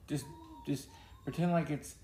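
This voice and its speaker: A man's voice: a little high, steady tone, a little slow, dark tone, reverberant, slight background noise. A man co-hosting a podcast in casual chat, joking and teasing his co-host. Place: home studio. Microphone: podcast mic.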